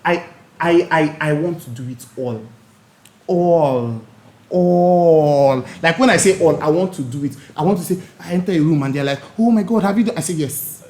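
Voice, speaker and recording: A man with a fairly high, darkish voice and a moderate pace guests on a podcast, chatting casually but boldly and playfully with emphatic self-assurance. The room is echoey, with faint background noise.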